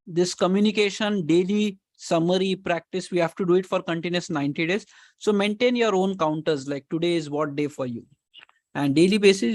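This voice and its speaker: A career coach with an Indian English accent and a high, darkish voice runs a live online Q&A call, giving instructions, repeating key advice and mixing in Hindi words. There's no room sound.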